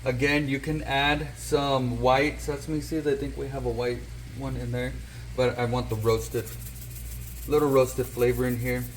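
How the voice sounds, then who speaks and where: A man hosts a home cooking video, chatting casually and checking in with viewers with a frequent "okay?". His mid-range voice is flat and measured, in a rough recording with slight background noise.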